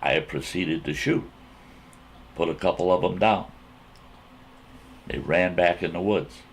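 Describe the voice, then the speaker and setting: A man telling a folksy campfire story in an animated way, repeating himself as he builds the scene. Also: low voice, vocal fry, a little hiss or hum. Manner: drawn-out, repetitive, animated retelling.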